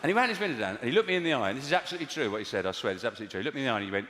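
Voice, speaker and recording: A middle-aged man doing a deadpan, sardonic stand-up routine. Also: medium pitch, rapid-fire, slight background noise. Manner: deadpan, dry and sardonic, swearing. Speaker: stand-up comedian. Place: large comedy venue. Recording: echoey hall with loud audience laughter.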